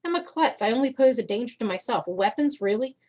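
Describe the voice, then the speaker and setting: A woman's voice: a little high, expressive, quick pace, a little mellow. A woman reading the lines of a clumsy young woman lost in a strange world, flustered and joking.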